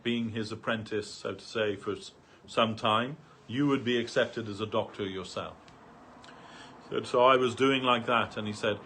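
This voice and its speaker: A man's voice: fairly low pitch, a bit bright, a little hiss or hum. A man speaking at a devotional gathering, telling a long anecdote through many quotes, with frequent fillers and restarts. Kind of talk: storytelling talk.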